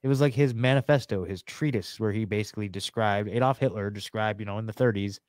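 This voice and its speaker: A man's voice: on the low side, fast talker, darkish tone, dry recording. A man appearing as a guest on a casual podcast, rambling and conspiratorial, with many fillers and restarts.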